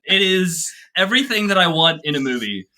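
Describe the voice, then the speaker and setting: Man, podcast co-host, bright and somewhat high voice, animated pitch, enthusiastic, playfully over the top. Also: a little fast. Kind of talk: casual podcast chat.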